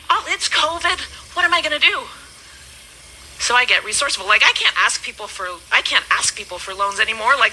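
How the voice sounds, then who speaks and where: A woman in her thirties, a business coach, giving an emphatic motivational speech that swings between loud and hushed. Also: high-pitched, a little hiss or hum, rough recording.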